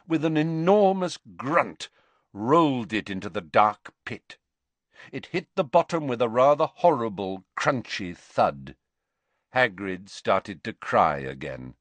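A man narrating an audiobook in an expressive, dramatic reading. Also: lowish voice, no room sound.

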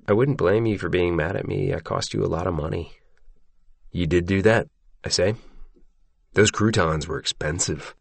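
A man reading a first-person story aloud in a steady, measured way. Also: deep voice, no room sound. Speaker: audiobook narrator. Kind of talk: scripted first-person narration.

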